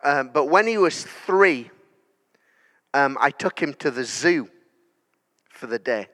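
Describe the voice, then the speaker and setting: High-voiced preacher in a reverberant hall. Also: male voice, expressive, slow pace. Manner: storytelling that builds to loud declarations. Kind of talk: sermon. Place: church. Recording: long church hall reverb.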